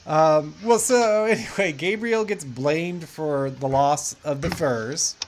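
A man's voice: a little high, slow pace, a little hiss or hum. A man co-hosting a film podcast in casual chat, sarcastic, often laughing and swearing freely. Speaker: podcast co-host.

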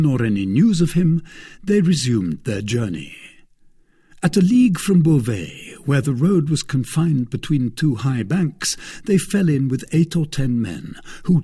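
A man narrating a classic adventure novel in a steady, even reading voice. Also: medium pitch, slightly rough. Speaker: audiobook narrator. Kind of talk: scripted narration.

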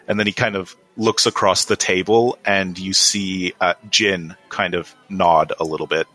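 A man narrating and running a tabletop role-playing game, easygoing and halting, with many fillers. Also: deep voice, bright, forceful tone, soft background music. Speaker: game master.

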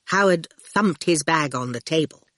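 A woman narrating an audiobook in an expressive storytelling manner, close to the mic. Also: low voice, normal speed, dry recording.

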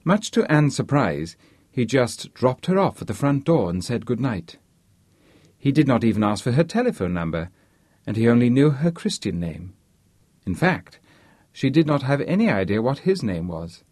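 A man reading a novel aloud as audiobook narration, in an expressive storytelling manner. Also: medium pitch, moderate pace, dry recording, studio quality.

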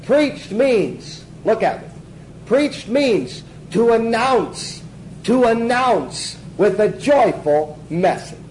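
Emphatic high-voiced male preacher. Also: sing-song, slow pace, a little mellow, slight background noise, poor audio. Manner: emphatic, asks the class questions and answers them, chuckles. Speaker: Bible teacher. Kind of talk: sermon teaching to a class.

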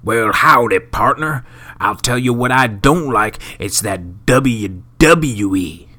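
A sick man voicing a whiny male internet wrestling fan with a put-on Texas drawl, grumbling slowly. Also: medium pitch, animated, pushed and bright, full character voice.

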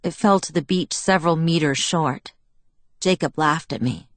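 A woman's voice: deep voice, no room sound. Woman narrating a novel in the first person. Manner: measured, reflective storytelling. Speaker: audiobook narrator.

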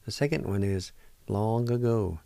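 A man hosting a radio language lesson, spelling words out and pronouncing each one slowly, syllable by syllable, in a patient, encouraging way. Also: on the low side, vocal fry, mellow, clear, resonant tone, no room sound. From Oklahoma, United States. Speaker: language teacher on a radio show. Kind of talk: slow spelling and pronunciation lesson.

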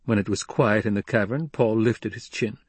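A man narrating an audiobook in a measured, even delivery. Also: lowish voice, slightly rough, no room sound.

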